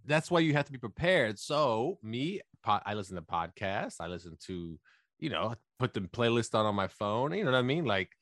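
A man's voice: medium pitch, normal speed, dry recording, clean studio sound. A man co-hosting a casual podcast, joking and exclaiming as he banters about traffic. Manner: animated, joking, exclaims "whoa". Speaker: podcast co-host.

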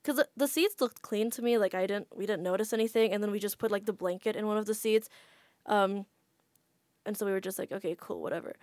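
A woman talks casually on a podcast and packs her story with "like" fillers. Her voice sits in a middle pitch. The sound is close and dry. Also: fast, darkish tone, no room sound. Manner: chatty, frequent "like" fillers. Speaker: podcast guest.

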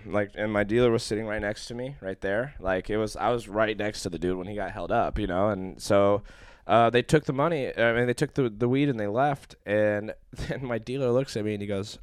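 A man's voice: on the low side, dry recording, clean studio sound. A young man telling a long personal story in casual chat, profane and rambling, full of fillers.

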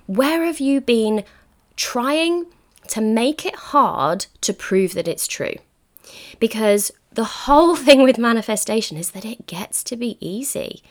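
A young woman hosting a solo podcast as a manifesting coach. She talks emphatically and encouragingly, often putting questions straight to the listener. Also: a little high.

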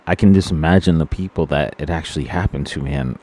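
A man with a very low, deep voice talks straight to his viewers in an unscripted monologue. He is solemn and earnest, and often stops to restart his sentences or reach for words. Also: a little mellow. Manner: halting and solemn, with many fillers and restarts; earnest, sorrowful. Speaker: vlogger.

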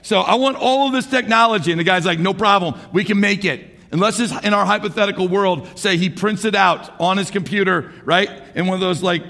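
Animated preacher man in an echoey hall. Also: high-pitched, brisk, hardly any pauses. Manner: animated, swings from shouting to hushed. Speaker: pastor. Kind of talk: sermon.

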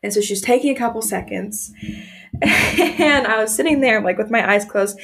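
Young woman, podcast co-host, gravelly low-end fry, candid rambling storyteller. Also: moderate pace, a bit bright. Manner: candid, emotional storytelling with frequent "like" fillers. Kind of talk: casual chat, personal storytelling.

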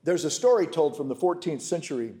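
A man preaching a sermon as a pastor, swinging from loud, emphatic declarations to hushed, intimate storytelling. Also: fairly high pitch, big pitch swings, brisk.

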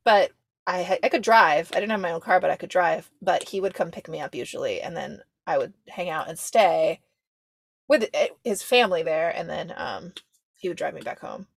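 A young woman co-hosting a podcast, chatting casually with lots of fillers and quick asides. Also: lowish voice, lively intonation, gravelly, slightly rough, no echo. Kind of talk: casual chat.

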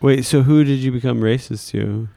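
A man's voice: medium pitch, normal speed, vocal fry, mellow, no room sound. A man co-hosting a casual podcast, playful and fond of wordplay. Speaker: podcast co-host.

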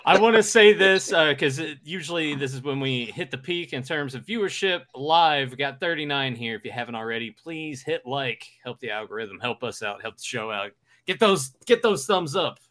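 A man's voice: medium pitch, expressive, normal speed, a bit bright. A man co-hosting a casual podcast in an easygoing way, asking viewers to like and subscribe. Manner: easygoing, plugs the channel. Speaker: podcast co-host. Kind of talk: casual chat.

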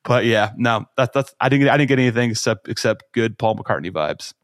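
Podcast dude rambling, lots of restarts and swearing, dry close mic. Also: male voice, mid-range voice, animated, fairly quick, no echo. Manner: rambling, many restarts, swears, laughs often. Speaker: podcast co-host. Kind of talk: casual chat.

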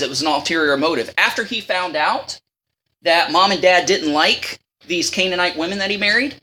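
A woman's voice: fairly low pitch, fairly bright tone. A woman teaching a Bible study in a casual, chatty way, reading scripture and acting out the lines.

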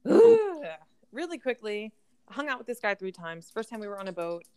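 A chatty woman around forty co-hosting a podcast. She tells stories in an easy, mid-pitched voice and acts out what other people said. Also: animated, fast talker, clear, resonant tone. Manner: chatty storyteller, acts out quotes. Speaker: podcast co-host. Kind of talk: casual chat.

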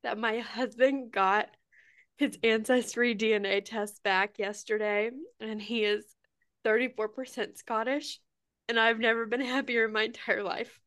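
A woman's voice: fairly high pitch, steady tone, a little slow, a bit bright. A woman with a Midwestern-Southern American accent co-hosting a podcast, playful and gushing in casual chat. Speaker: podcast co-host.

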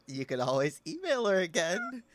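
A man's voice: high voice, very animated, normal speed, slight background noise. A man co-hosting a casual podcast chat, teasing his friend and laughing often. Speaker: podcast co-host.

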